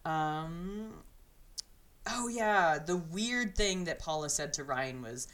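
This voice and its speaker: Low-voiced chatty young woman podcaster. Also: lively intonation, takes it slowly, fairly bright tone. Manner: chatty, giggly, lots of fillers. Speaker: podcast co-host. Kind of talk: casual chat recapping a reality show.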